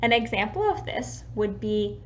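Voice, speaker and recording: A woman giving patient, clear tips in an instructional video on talking with young children. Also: medium pitch, moderate pace, dull audio. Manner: patient, clear explaining with lively sample phrases. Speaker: early childhood educator.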